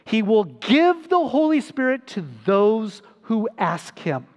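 A high-pitched man delivers a sermon at an unhurried, measured pace. He leans into sudden emphatic rises on the words that matter. His voice carries with a long reverb, as if recorded in a large hall. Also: very animated, darkish tone. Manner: slow, deliberate preaching with sudden rises for emphasis. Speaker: pastor.

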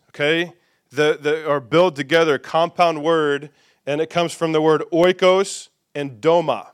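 A man's voice: on the high side, fairly even intonation, a little slow, clear, resonant tone. A man preaching a sermon as pastor, conversational and playful, leading the congregation in call-and-response.

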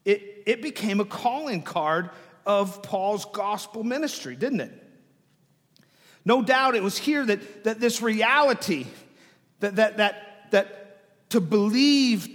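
Male pastor, sermon, slow deliberate delivery, dramatic whispers and loud swells, long church reverb. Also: high-pitched. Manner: repeats words as he restarts phrases.

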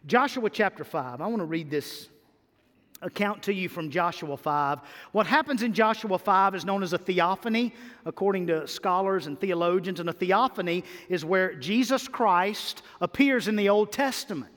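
High voiced guy preaching a sermon, gets loud then goes real soft, big church reverb. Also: normal speed. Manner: animated preaching with sudden loud and soft swings. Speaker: pastor. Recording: long hall reverb.

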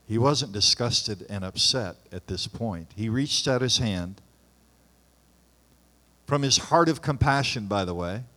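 A man, a pastor, reading scripture aloud and breaking off for relaxed, conversational asides in his sermon. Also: fairly low pitch. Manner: conversational, pauses for informal asides. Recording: long hall reverb.

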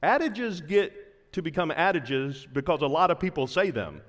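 Impassioned preacher in a reverberant hall. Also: male voice, on the high side, big pitch swings, normal speed. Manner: impassioned preaching, drops to a hush at times. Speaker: pastor. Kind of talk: sermon.

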